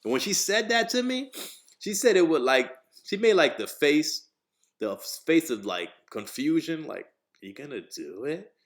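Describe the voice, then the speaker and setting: Profane, animated man telling a story. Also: fairly high pitch, a little slow. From New Jersey, USA. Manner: profane, animated, acts out quoted voices. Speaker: podcast host. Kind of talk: casual storytelling.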